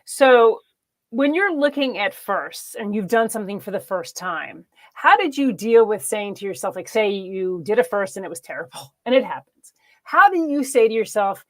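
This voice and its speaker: A woman hosting a casual interview, chatty and quick to laugh. Her voice sits in a middle range and sounds close and dry, with no room around it. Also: mid-range voice, animated, a bit bright, no echo. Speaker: host.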